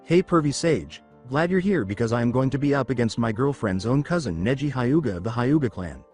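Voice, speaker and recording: A man's voice: mid-range voice, lively intonation, a little fast, darkish tone, soft background music, lightly acted. A man voicing a brash, eager young boy ninja in a fan-made storybook narration, reading the lines plainly.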